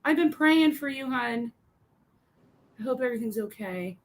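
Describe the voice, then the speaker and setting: A woman chatting on a livestream in a high voice. She rambles and swears casually as she greets viewers and tells stories. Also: animated, moderate pace. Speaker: livestream co-host.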